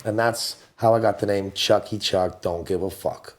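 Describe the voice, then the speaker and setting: A man in his forties tells wild stories in casual, slangy talk. His voice sits at an ordinary middle pitch, and he leaps high whenever he quotes someone. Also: moderate pace. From United States. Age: 40s. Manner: animated storyteller, jumps up high for quoted voices; laid-back slangy talk. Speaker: podcast guest. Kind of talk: casual storytelling.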